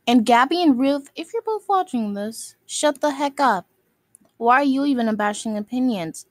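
A woman with a high voice rants straight to camera, scolding and hurling insults. She keeps looping back to the same stock phrases. The sound is dry, with no room around it. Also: animated, normal speed, dry recording. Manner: scolding, insulting, repeats itself. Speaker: video maker. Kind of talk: angry rant to camera.

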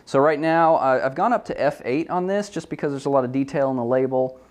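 Talking fast in a medium-pitched voice, this man gives a practical product photography lesson. He explains each step casually, thinking aloud with plenty of ums and frequent self-corrections.

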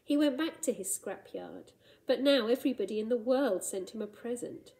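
Woman teacher, storybook read-aloud for children, gentle and expressive, warm mellow tone. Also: fairly high pitch, moderate pace, creaky, low-quality recording. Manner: gentle, expressive, asides about the pictures.

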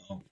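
A gaming creator doing casual let's-play commentary, excitable and slangy, blurting reactions and yelling at other players. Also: a little hiss or hum. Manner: slangy gamer talk.

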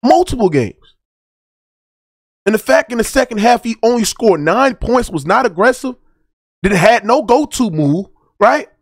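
High-voiced man ranting about sports. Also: no room sound, clean studio sound. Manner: heated, preachy, repeats "right?". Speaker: sports debate host. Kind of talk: reaction commentary.

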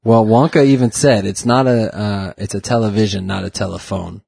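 Husky-voiced man chatting on a podcast. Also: fairly low pitch, steady tone, moderate pace, a little mellow, no echo, studio quality. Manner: laughs often, chatty. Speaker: podcast co-host. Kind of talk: casual chat.

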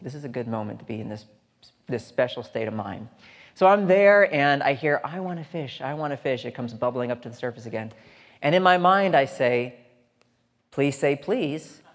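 A man's voice: mid-range voice, gravelly. A man giving a humorous conference talk, chatty and joking, with asides to the audience. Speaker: conference speaker. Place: large lecture hall stage. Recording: hall reverb on a stage talk.

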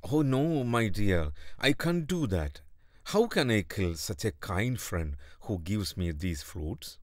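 Man playing a crocodile, boastful, sly, lively pitch, storybook. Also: slow pace, dry recording, studio quality. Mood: worried, scheming. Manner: blustery, chuckling. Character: treacherous male crocodile, torn then scheming.

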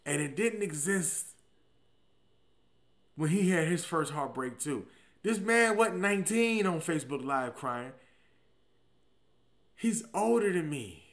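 A male comedian in his forties with a slightly high-pitched voice, riffing through a profane, slangy story. He punches lines out loud and then drops into low, muttered asides. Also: takes it slowly, pauses often. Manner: animated, swings between loud emphatic bursts and low muttered asides.

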